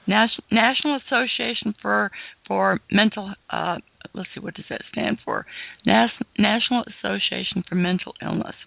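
A woman guest on a radio interview, talking earnestly with many halting restarts. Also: medium pitch, creaky, no room sound. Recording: tinny phone line.

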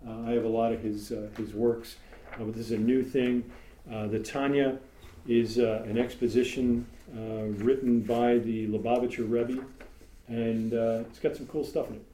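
A man with a dark, mid-range voice preaches informally to his congregation at a moderate pace and level tone, joking in asides and using many fillers. The live-stream room mic in the meeting room records echo and a faint background hum.

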